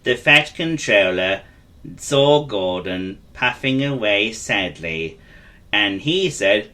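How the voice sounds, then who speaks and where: A man narrating a children's story in a gentle, gossipy way as an impression of a classic storyteller. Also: fairly low pitch, animated, slow pace.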